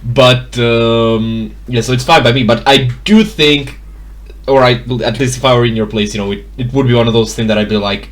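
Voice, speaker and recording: A man's voice: medium pitch, normal speed. A man narrating a tabletop game as game master, hesitant and full of fillers and restarts.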